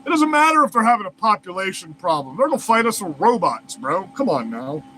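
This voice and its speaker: A man's voice: high-pitched, very animated, a little fast, pushed and bright, soft background music, poor audio. A man reads news aloud and breaks off into heated, profane, incredulous rants as a commentary host. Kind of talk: reading news aloud and ranting over it.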